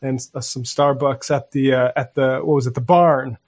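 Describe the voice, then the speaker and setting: A man co-hosting a casual political podcast, talking in a loose, meandering way and pausing mid-thought. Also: mid-range voice, steady tone, a little mellow, a little hiss or hum. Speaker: podcast co-host.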